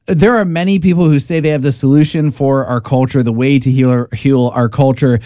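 A man's voice: mid-range voice, steady tone, mellow. A man co-hosting a radio pledge drive, making an earnest, persuasive appeal with some stumbles. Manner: earnest, persuasive, quick with repetitions. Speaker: radio co-host.

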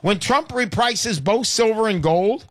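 A man's voice: sits high, expressive, measured pace, fairly bright tone, no echo, clean studio sound. Brash hard-selling male show host. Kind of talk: call-in show sales pitch.

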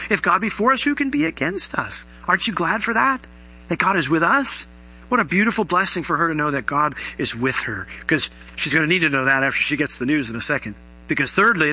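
A man's voice: fairly high pitch, bright, forceful tone, poor audio. A man preaching a sermon to his congregation in an earnest, conversational way, asking the listeners rhetorical questions. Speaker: pastor.

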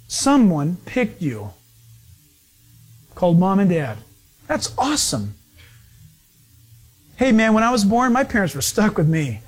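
A pastor giving a conversational sermon, telling everyday stories with lively animation and acting out the people in them. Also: male voice, sits high, slightly rough.

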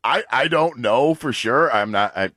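A man's voice: mid-range voice, lively intonation, a little slow, bright, forceful tone, no echo. A man co-hosting a radio show in the studio, chatting casually and stumbling over his words. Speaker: radio co-host. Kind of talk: casual talk radio banter.

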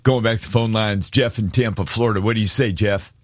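Deep-voiced man hosting a call-in show. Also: steady tone, dry recording. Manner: warm-hearted, affirming, unhurried. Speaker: radio show host. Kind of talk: Christian call-in radio hosting. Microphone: studio microphone.

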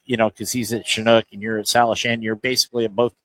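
A man's voice: on the low side, flat delivery, quick pace, a bit bright, no room sound, low-quality recording. A man hosting a casual interview at a golf show booth, asking easygoing, rambling questions.

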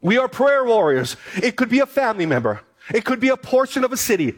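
A man's voice: very high voice, very animated, fast talker. A man preaching a sermon, reading scripture aloud and then pressing his points with repetition and emphasis. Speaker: pastor.

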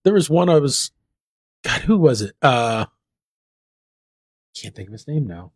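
A man in his forties chatting casually with friends, animated and jokey, telling stories. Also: mid-range voice, measured pace, slightly rough, no room sound. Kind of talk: casual chat.

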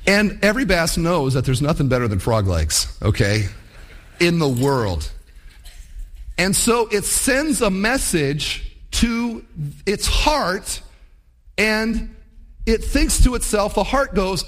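A male preacher giving a sermon, telling stories in an animated way and acting out the voices he quotes. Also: high-pitched, takes it slowly.

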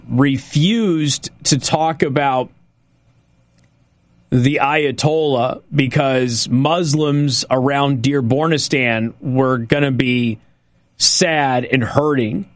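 A man hosting a political talk radio show, delivering an emphatic, sarcastic monologue and repeating points slowly for effect. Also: mid-range voice, no room sound, studio quality.

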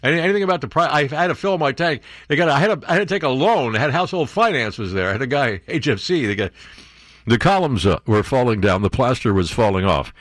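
A man's voice: mid-range voice, expressive, fast talker, fairly bright tone, no room sound, studio quality. A man hosting a talk radio show, reading news aloud and breaking in with sarcastic, mocking commentary.

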